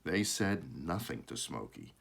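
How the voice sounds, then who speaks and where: This man tells a children's story with lots of animation, his voice rising and falling, a little slow and marked by vocal fry and a breathy edge. He breaks off occasionally for offhand remarks while showing the pictures and corrects minor slips as they come up.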